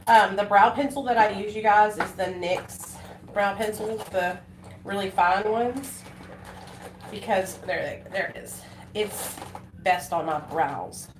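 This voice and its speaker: A woman's voice: mid-range voice, takes it slowly. A woman, chatting on a casual live stream in a rambling, emotional way with many fillers and restarts. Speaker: livestreaming vlogger. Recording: echoey room with faint noise.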